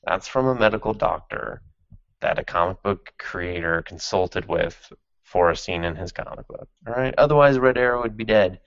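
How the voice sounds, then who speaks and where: A very low-pitched man hosts a podcast in a loose, sardonic chat, swearing freely and laughing as he goes. His voice is close and dry, without room echo. The audio is slightly dull and lo-fi. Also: moderate pace, vocal fry, a bit bright. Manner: sardonic and profane, with frequent laughs. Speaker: podcast host. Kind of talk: casual chat recapping an anime.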